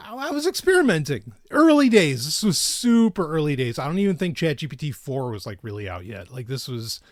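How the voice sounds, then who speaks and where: A man co-hosting a podcast, chatting loosely with frequent restarts and bursts of laughter. His voice sits a bit high for a man and swings widely in pitch. The studio sound is dry and close. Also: very animated, no echo. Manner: rambling, self-interrupting, quick to laugh. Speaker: podcast co-host. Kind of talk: casual chat.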